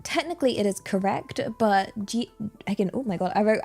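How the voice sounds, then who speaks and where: A woman's voice: mid-range voice, lively intonation, moderate pace, long pauses, a little mellow, faint music behind. A woman hosting a casual livestream Q&A, rambling with lots of fillers and giggles. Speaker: VTuber streamer.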